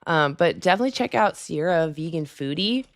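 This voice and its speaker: A woman's voice: low-pitched, lively intonation, brisk. A woman hosting a casual live stream at her desk at home, rambling with lots of fillers and chatty asides.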